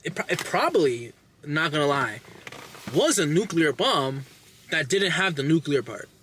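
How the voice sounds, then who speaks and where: A young man casually recapping a movie plot with lots of swearing, animated and acting out lines. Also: fairly high pitch, a little hiss or hum. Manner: animated, profane, acts out characters' lines. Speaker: podcast host reviewing a movie.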